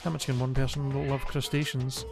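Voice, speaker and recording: A man's voice: medium pitch, little pitch movement, normal speed, creaky, close to an everyday voice. A man voicing a smug, scheming male bear mascot in a rambling, mocking complaint, with game music behind.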